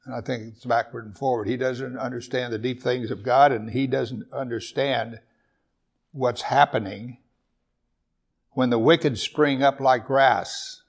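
A man's voice: mid-range voice, steady tone, unhurried, vocal fry. A man preaching a conversational Bible sermon, often asking his listeners rhetorical tag questions.

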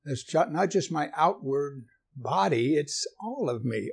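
A man delivering a sermon in a somewhat high voice. He reads scripture aloud, asks his listeners questions, and slips in gentle jokes. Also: expressive, unhurried, vocal fry, breathy edge. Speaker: preacher.

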